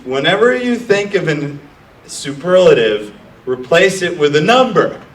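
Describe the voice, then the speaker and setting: Middle-aged man, blunt mocking coach, higher voice, roomy sound from off-mic. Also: big pitch swings, unhurried. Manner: brash, profane, mocking, acts out nervous founders. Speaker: startup accelerator founder coaching founders. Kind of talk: blunt live talk to an audience. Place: room with an audience. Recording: echoey room from far off.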